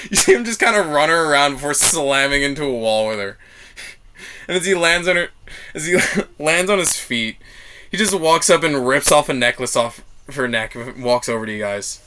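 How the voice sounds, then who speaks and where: Bright-voiced male game master. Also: mid-range voice, a little hiss or hum. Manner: animated, laughs while narrating. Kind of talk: narrating a tabletop game.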